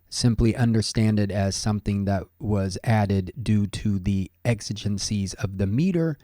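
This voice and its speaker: A man teaching an ancient language in a measured, scholarly way, thinking aloud with small pauses as he explains each word. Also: mid-range voice, mellow, dry recording, clean studio sound. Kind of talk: explanatory lesson monologue.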